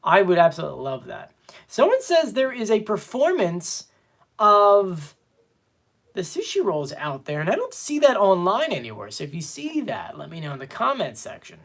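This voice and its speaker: Animated chatty man. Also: sits high, normal speed, gravelly. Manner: chatty, reads viewer comments aloud, animated. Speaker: fan show host. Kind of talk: casual live-stream chat.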